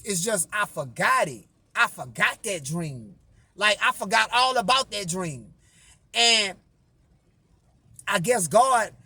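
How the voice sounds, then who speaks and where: A man with a strikingly high voice tells a story in a loose, casual monologue. He acts out the dialogue as he goes, swearing freely and keeping it animated. He sounds worn out from too little sleep. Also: no echo. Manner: animated, profane retelling that acts out quoted dialogue. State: tired after little sleep. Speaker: music artist and vlogger.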